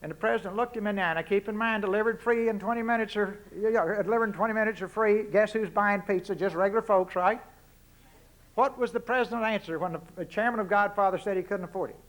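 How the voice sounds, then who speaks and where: This is a man in his sixties with a strong Texan accent and a notably high voice. He delivers a public address in a folksy, punchy way. He leans on plain, blunt rhetorical questions throughout. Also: quick pace, fairly bright tone. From Texas. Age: 60s. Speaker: public speaker. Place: university lecture hall.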